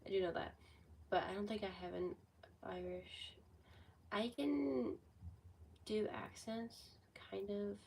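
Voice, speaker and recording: A sixteen-year-old girl chatting casually on a livestream, rambling with lots of "like", her voice a bit hoarse from a cold. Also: mid-range voice, fairly even intonation, moderate pace, a little mellow, recorded from a distance, slight background noise, low-quality recording. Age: teens. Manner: rambling, heavy use of "like". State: sick with a cold, voice going hoarse. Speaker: livestreamer answering chat.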